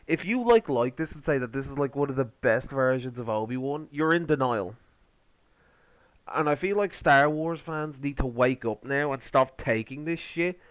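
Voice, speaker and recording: A man's voice: mid-range voice, lively intonation, moderate pace, dry recording. A man ranting in a reaction commentary, indignant and sarcastic, swearing as he complains.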